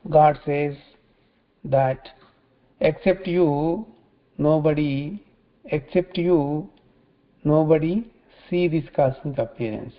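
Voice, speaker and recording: A man teaching scripture in a religious talk, halting often and repeating phrases as he restarts. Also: a little high. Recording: dull lo-fi recording.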